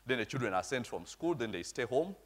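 A man's voice: mid-range voice, sing-song, brisk. A middle-aged man, preaching a storytelling sermon and checking in with his congregation. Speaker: pastor.

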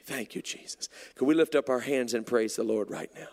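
A man from Indiana preaching a sermon, stammering and repeating himself, moving between hushed storytelling and shouted exhortation. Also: mid-range voice, normal speed, hardly any pauses, in a large hall. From Indiana, USA. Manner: stammering restarts, repeated words.

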